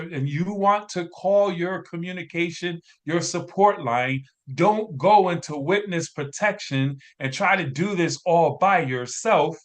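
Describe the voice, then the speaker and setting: A man giving a motivational business training talk as a coach, energetic and preachy, talking to his team while drawing on a screen. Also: sits high.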